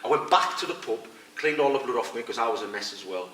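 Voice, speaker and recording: A medium-pitched, fast-talking middle-aged man, a retired fighter and coach, gives a casual interview full of blunt, animated fight anecdotes with quoted voices. The recording has an echoey room sound, a distant mic, and faint noise.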